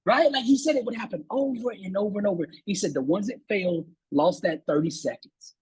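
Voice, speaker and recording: A man's voice: high voice, brisk, slightly rough, rough recording. A man speaking as a motivational guest, telling a sales story with rising energy, repeating words and preaching about persistence. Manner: animated, preachy, repeats words when fired up.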